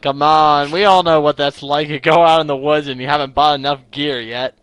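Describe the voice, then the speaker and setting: A man's voice: fairly even intonation, fairly quick, a bit bright, clean tone, dry recording, lightly acted. A man voicing an eager, stammering roadside peddler pushing gear on adventurers. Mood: pushy. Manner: stammering, eager sales pitch.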